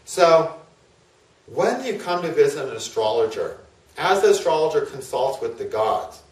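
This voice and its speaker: A man's voice: fairly high pitch, big pitch swings, normal speed. Man astrologer telling a myth, casual and chatty, kinda far from the mic. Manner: chatty, with fillers and tag questions. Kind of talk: casual storytelling lecture. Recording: roomy, from a distance.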